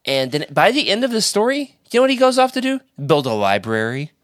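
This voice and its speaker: A man hosting a casual podcast roundtable, enthusiastic and quick with a joke. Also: high voice, no echo, studio quality. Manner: enthusiastic, animated, quick jokes. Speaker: podcast host.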